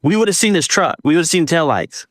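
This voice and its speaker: A man's voice: fairly high pitch, quick pace, no room sound, studio quality. A man telling a personal story as a guest, casually, acting out what people said. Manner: animated, acts out dialogue with quoted voices.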